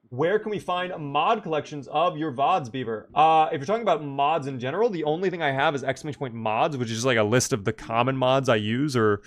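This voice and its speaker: A man's voice: mid-range voice, a bit bright. A young man casually chatting through a live gameplay stream, reacting to the game and answering his chat.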